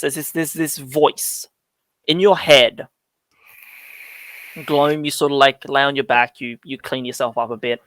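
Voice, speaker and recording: A man narrating as dungeon master in a rambling way, often pausing to search for words with lots of fillers. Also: medium pitch, steady tone, a bit bright, dry recording. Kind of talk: narrating a tabletop game.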